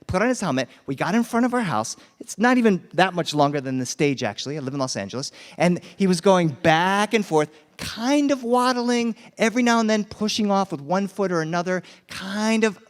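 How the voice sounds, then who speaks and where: A man telling a personal story live to families, animated and acting out voices, dropping in Spanish phrases. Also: high-pitched, a little fast, few pauses, in a large hall. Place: festival tent, live audience.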